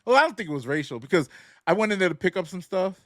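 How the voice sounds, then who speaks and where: A man's voice: high-pitched, racing, dry recording, clean studio sound. A man co-hosting a sneaker podcast, telling stories in casual chat and laughing often. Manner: laughs often, relaxed storytelling. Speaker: podcast co-host.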